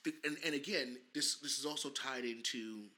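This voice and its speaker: A man in his thirties co-hosting a casual podcast, animated and teasing, laughing often. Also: mid-range voice, moderate pace. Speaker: podcast co-host, father.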